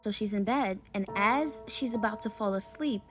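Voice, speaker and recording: A young woman casually retelling a creepy story in a chatty, slangy way, with dramatic pauses. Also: mid-range voice, over music.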